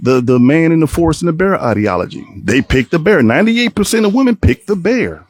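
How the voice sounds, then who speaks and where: A man hosting a solo podcast, talking to his viewers in an animated, rambling way and acting out the people he quotes. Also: fairly high pitch, brisk. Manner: animated, plays out quoted voices, rambling restarts. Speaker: podcast host. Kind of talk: solo opinion talk to viewers.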